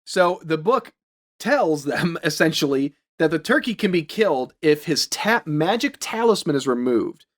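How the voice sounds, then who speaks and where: A young man co-hosting a podcast, casually recapping a horror movie, swearing and laughing often. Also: on the high side. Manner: swearing, laughing often, quoting lines in silly voices.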